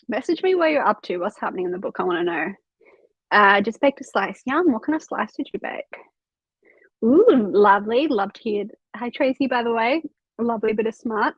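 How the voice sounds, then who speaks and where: Woman, young adult, casual livestream chat, sweary, mid-pitched, muffled dry recording. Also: breathy edge, no echo. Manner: chatty, swears freely, reads out chat comments. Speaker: livestream host of a reading sprint. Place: at home.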